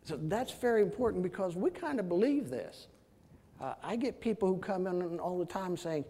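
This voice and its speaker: A man's voice: high-pitched, expressive, moderate pace, dark tone, husky. A man leading a group Bible discussion, emphatic and calling on class members by name. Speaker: Bible study teacher. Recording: long reverb in a large room.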